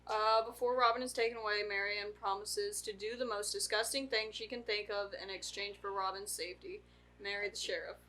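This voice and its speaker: A teenage girl with a medium-pitched, bright, forceful voice co-hosts a movie podcast, speaking fairly quickly with fairly even intonation. She reads the plot summary aloud in a casual chat and breaks off to joke with her family, and the audio quality is poor.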